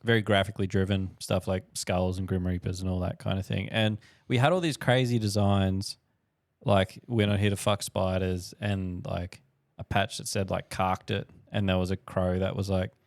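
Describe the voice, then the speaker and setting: A laid-back man, a brand founder, answers in an easygoing interview, chiming in with short agreements. His voice sits a bit low with a gravelly edge, recorded close and dry. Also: flat delivery, normal speed, dry recording. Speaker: guest, drinks brand founder. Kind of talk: casual interview chat.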